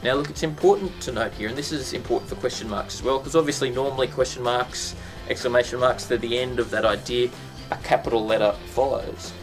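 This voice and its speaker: A man's voice: medium pitch, steady tone, brisk, few pauses, over music. A man teaching a casual lesson, chatty and full of ums and restarts, breaking into sound effects.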